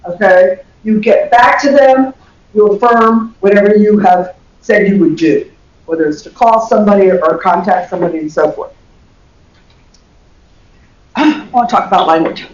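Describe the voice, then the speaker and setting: Give me an animated older woman with a Southern accent lecturing in a roomy hall, recorded muffled and lo-fi. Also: mid-range voice, normal speed, a little hiss or hum. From American South. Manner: animated, laughs often, acts out examples. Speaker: communication professor giving a lecture. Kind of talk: lecture to health workers. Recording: echoey dull recording from far off.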